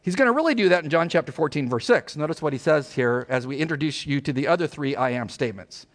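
A middle-aged man preaching a sermon as pastor, emphatic and animated, asking his congregation rhetorical questions. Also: on the high side, fast.

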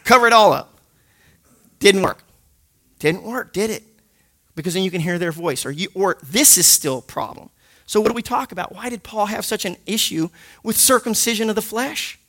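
A man teaching a Bible study group in an animated, jokey way, punctuating points with loud sound effects. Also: high voice, a little fast. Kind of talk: lively teaching talk to a group.

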